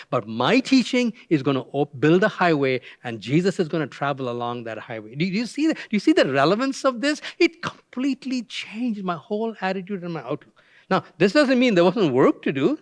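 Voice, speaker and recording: A man's voice: fairly high pitch, no echo. An older retired pastor preaching a guest sermon, telling a personal story in a conversational way and acting out the voices he quotes.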